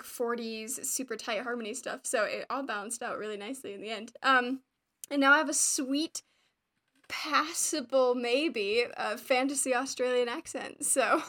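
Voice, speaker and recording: Woman, podcast chat, bright voice, rambling storyteller. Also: on the high side. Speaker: podcast cast member. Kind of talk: casual chat.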